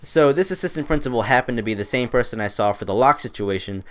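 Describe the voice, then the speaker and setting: A teenage boy talks quickly and chattily, spinning a rambling story as gameplay commentary. His voice is smooth and clear at a middle pitch, with a self-mocking, offhand manner. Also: expressive. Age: teens. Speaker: gaming commentator.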